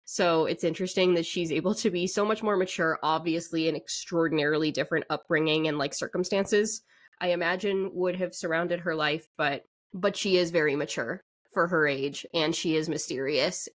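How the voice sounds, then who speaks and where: A woman with a slightly low voice co-hosts an anime discussion podcast. She talks in a chatty, reflective way, breaking into laughter now and then. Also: steady tone, moderate pace. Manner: chatty, thoughtful, laughs often. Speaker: podcast co-host.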